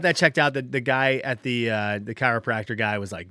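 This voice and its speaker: Middle-aged male podcast host, mid-pitch, dry close sound; shaken, rambling storyteller full of restarts. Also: fairly quick, few pauses, sharp tone, no echo. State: shaken, a little dazed. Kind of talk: casual personal storytelling.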